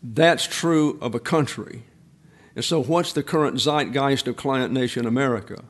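A man's voice: medium pitch, moderate pace. Rambling folksy man in his eighties. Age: 80s. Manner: folksy, digressive storytelling with frequent restarts. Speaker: pastor. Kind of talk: sermon.

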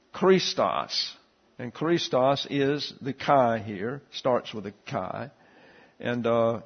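In lo-fi audio, a man with a mid-range voice leads a Bible class. He explains Greek letters and a verse in a steady, explanatory way, often using fillers.

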